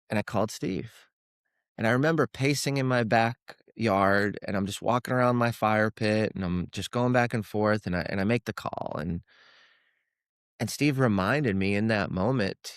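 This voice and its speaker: A man's voice: lowish voice, normal speed, smooth, no echo, clean studio sound. A man guest on a podcast telling an earnest personal story, often repeating his words as he gets emotional. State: close to tears at times.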